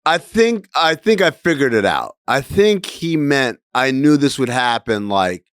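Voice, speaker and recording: A man hosting a casual sports podcast, animated and jokey, slipping into playful voices. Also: mid-range voice, measured pace, clear, resonant tone, no room sound, studio quality. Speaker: podcast host.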